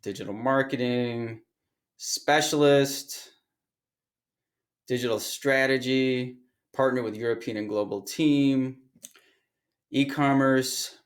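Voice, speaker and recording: Man, middle-pitched voice, casual talk, online instructor, thinking aloud while reading listings. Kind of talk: casual screen-share walkthrough.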